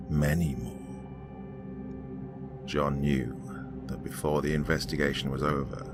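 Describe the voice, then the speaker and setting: A man with a British accent narrating a horror story in slow, dramatic tones that sometimes drop to a whisper. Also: a bass voice. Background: ambient music with singing bowl.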